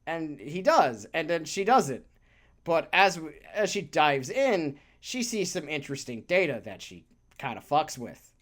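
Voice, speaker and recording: A slightly slow, mid-range voice belongs to a podcast co-host in relaxed conversation who wanders from point to point with animation, casual cursing, and frequent laughter.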